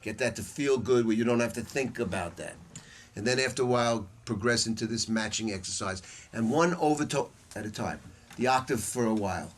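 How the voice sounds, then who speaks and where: A man's voice: mid-range voice, a little fast. Older man teaching saxophone, blunt. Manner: loose and blunt, with slang and swearing. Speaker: saxophone teacher leading a masterclass. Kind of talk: informal masterclass teaching. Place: music store room with students.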